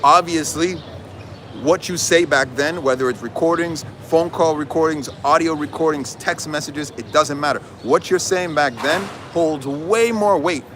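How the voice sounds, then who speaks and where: A man giving an animated, emphatic casual recap outdoors, retelling events with quoted lines. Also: a little high, moderate pace. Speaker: trial commentator. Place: outdoors outside a courthouse. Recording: outdoor street noise.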